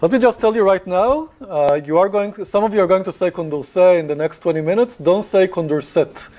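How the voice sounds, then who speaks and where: A man's voice: high voice, a little fast, a little mellow. A man giving a university lecture, talking to the class in a conversational way with many fillers and questions.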